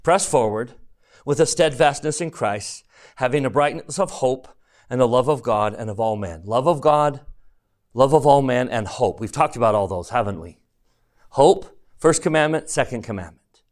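A man teaching a classroom scripture lesson, emphatic and animated, asking the class questions and reading verses slowly and deliberately. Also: medium pitch. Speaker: religion teacher.

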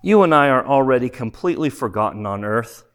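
Kind heavenly spirit, read by a man, gentle and patient, voice moving a lot. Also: medium pitch, expressive, brisk, close to an everyday voice. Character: kindly laughing male spirit from heaven.

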